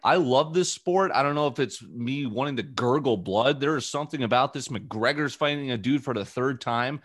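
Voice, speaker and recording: A man's voice: medium pitch, moderate pace, dry recording, clean studio sound. A young man hosting a podcast, telling loose, profane stories in casual chat. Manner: loose, profane, animated storytelling. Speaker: podcast host.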